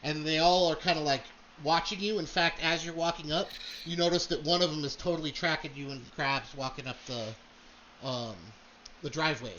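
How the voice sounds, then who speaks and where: Young male game master, high bright voice, loose narration, dull home recording. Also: steady tone, moderate pace, a little hiss or hum. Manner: rambling, filler-heavy narration.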